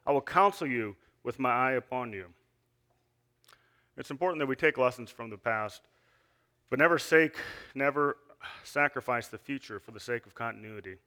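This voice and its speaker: A man's voice: medium pitch, a little fast, bright, forceful tone. A man giving an earnest sermon, reading scripture and asking the listeners questions, with frequent restarts. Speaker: lay preacher.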